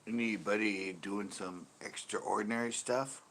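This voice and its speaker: A man's voice: lowish voice, fairly even intonation, unhurried, vocal fry, a bit bright, a little hiss or hum. A man hosting a fishing channel, chatting casually on a live stream, rambling and joking and slipping into put-on accents.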